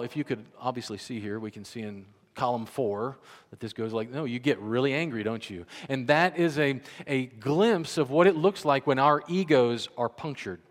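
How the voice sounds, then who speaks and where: A man preaching a sermon in a conversational, animated way, acting out the voices he quotes. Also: medium pitch, in a large hall. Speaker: pastor.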